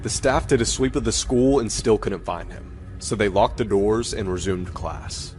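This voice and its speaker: A man reading a creepy short story as steady, measured scripted narration. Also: on the low side, soft background music.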